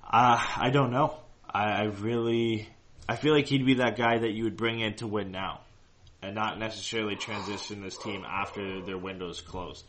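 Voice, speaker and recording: Deep-voiced man rambling on a podcast. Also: steady tone, moderate pace, fairly bright tone, slight background noise. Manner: rambling, many restarts and fillers. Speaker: co-host of a hockey fan show. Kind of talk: casual podcast chat.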